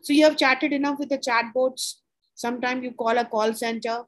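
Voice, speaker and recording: A woman teaching an informal lesson, explaining in short repeated phrases, checking in with "right?" and pausing on "uh". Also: high-pitched, steady tone, low-quality recording. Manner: pauses with frequent "uh". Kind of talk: informal lecture.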